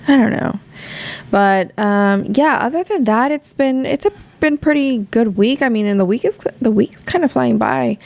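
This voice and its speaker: Gravelly-voiced woman hosting a chatty podcast. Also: medium pitch, normal speed, darkish tone. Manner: candid, rambling, swears freely. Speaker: podcast host. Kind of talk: casual solo chat.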